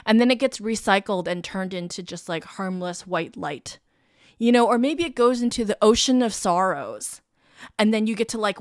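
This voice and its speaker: A woman's voice: dry recording, studio quality. A young woman hosting a casual advice podcast as a career coach, chatty, frank and encouraging, with casual swearing. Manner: mimics listeners in quick high voices.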